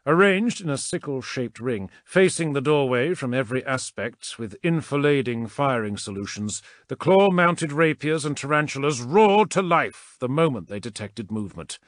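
A man reads action fiction as an audiobook narrator with dramatic expression. His pitch swings widely as the scenes build. The recording is dry and close, with no room sound. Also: animated, moderate pace, few pauses, dry recording. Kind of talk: scripted narration.

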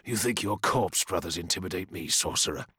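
A man voicing a scarred, rage-filled male warrior with a low, scornful taunting delivery in an audiobook. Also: expressive, fairly quick, pushed and bright, breathy edge, no echo, clean studio sound, heavily acted.

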